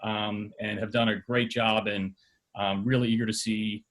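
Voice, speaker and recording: A man's voice: on the low side, little pitch movement, normal speed, a bit bright. Middle-aged man giving remarks, filler-heavy. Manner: conversational, with frequent fillers and restarts. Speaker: high school TV program advisor. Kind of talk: prepared remarks at a school board meeting.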